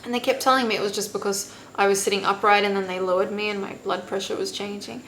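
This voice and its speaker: A young woman talks straight to camera in a loose, candid way, dropping swear words and acting out the voices of people around her. Her voice sits at an ordinary middle pitch. A faint hum of noise runs underneath. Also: flat delivery, fast talker, fairly bright tone, low-quality recording. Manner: candid, swears freely, acts out quotes. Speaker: vlogger. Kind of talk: casual storytelling to camera.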